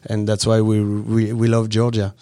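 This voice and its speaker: A man's voice: on the low side, completely flat delivery, dark tone, no echo. A man from southern France with a French accent, a restaurant owner talking in a casual interview, searching for words and restarting often. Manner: halting, searching for words, frequent restarts and chuckles.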